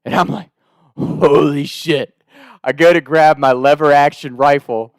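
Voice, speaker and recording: A man's voice: a little high, fairly quick, clear, resonant tone, no room sound, studio quality. A man casually telling a comic story, rambling and profane, laughing between his lines.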